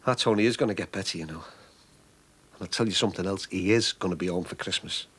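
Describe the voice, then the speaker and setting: An earnest, warm-hearted shopkeeper. His voice sits a little low and sounds husky. He talks in a chatty, heartfelt way, as in a soap opera. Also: fast. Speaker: shopkeeper raising money for his sick brother.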